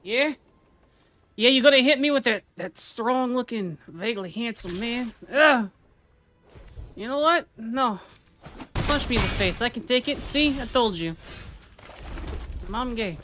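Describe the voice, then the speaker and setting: Bright-voiced streamer trash-talking. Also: mid-range voice, animated, unhurried, pauses often, slight background noise. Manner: playful trash talk at opponents. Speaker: VTuber streamer. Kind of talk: casual gameplay commentary.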